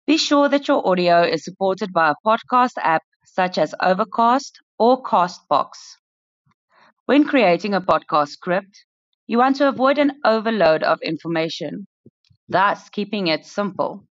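A woman's voice: mid-range voice, lively intonation, unhurried, no room sound. A young woman, a student formally opening and reading a prepared class podcast script. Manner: formal, welcoming opener. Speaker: student presenter. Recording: dry, dull lo-fi recording.

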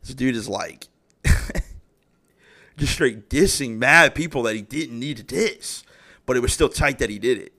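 A man's voice: mid-range voice, unhurried, long pauses. A young man hosting his own podcast, telling stories and giving opinions in a casual rant full of swearing and exasperated outbursts. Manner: heavy profanity, animated and exasperated storytelling. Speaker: podcast host.

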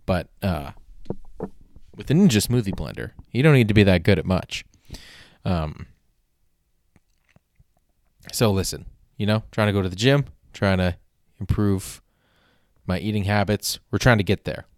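A man with a very low voice rambles through a casual solo podcast, wry and self-deprecating, restarting his sentences often. The recording is dry and close, with no room sound. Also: expressive, measured pace, long pauses, no echo. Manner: swears casually. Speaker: podcast host.

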